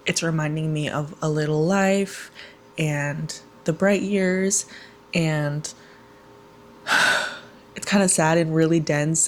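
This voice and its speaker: A woman's voice: sits low, a little hiss or hum. A young woman in her twenties chatting to camera about what she is reading, casual and emotional. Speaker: reading vlogger. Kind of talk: casual vlog talk to camera.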